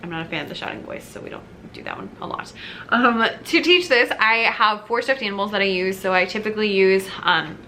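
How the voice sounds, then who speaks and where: Woman, elementary music teacher; casual upbeat tips, bright tone, mid pitch. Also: sing-song, a little fast, slight background noise. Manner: chatty and upbeat, with many fillers and short sung snippets.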